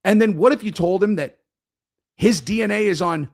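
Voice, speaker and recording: A man live-streaming commentary in a rambling, animated, sarcastic way. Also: high-pitched, normal speed, no echo, studio quality.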